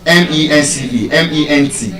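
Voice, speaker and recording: A man's voice: a little high, normal speed, a crowd in the background. A man teaching pronunciation to a live audience, spelling words out letter by letter and quizzing the room in a teasing way. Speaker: speaker teaching English pronunciation. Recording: echoey hall, mic at a distance.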